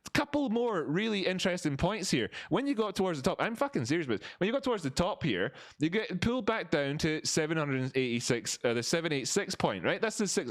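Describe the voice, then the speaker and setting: A man hosts a live stock-chart commentary stream. His delivery is ranting and profane, full of repeated phrases. His pitch runs slightly high and swoops widely for emphasis. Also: quick pace, few pauses. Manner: animated, rising in pitch for emphasis; repeats phrases, talks to viewers as family. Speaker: livestream market analyst.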